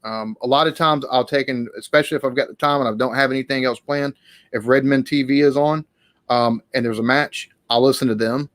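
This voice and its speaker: A man's voice: medium pitch, steady tone, fairly quick, a bit bright, dry recording. A man hosting a casual live-stream Q&A, talking in a rambling, hesitant way with many restarts.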